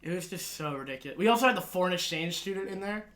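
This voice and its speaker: A young man co-hosts a podcast, telling loose, profane high school anecdotes and acting out the other people in them. His voice sits high and sounds bright. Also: animated, rapid-fire. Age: young adult. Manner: profane, laughing anecdotes with acted-out quotes. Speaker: podcast co-host. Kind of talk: casual storytelling chat.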